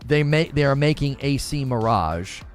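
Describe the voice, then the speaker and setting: A man's voice: medium pitch, expressive, moderate pace, soft background music. A man hosting a live gaming stream, reading chat messages and arguing his views with rhetorical questions. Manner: opinionated, explains with rhetorical questions.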